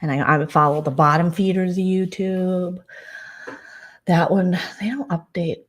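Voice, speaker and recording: Rambling, low-voiced woman vlogger. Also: steady tone, a little slow. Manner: rambling, chatty, many fillers and restarts. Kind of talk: casual late-night chat.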